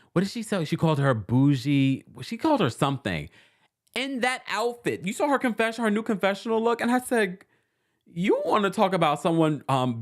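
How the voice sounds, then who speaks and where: Animated chatty man recapping. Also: on the high side. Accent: New York. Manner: animated, chatty, quotes people in lively mimicry. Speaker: recap host. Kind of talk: casual recap commentary.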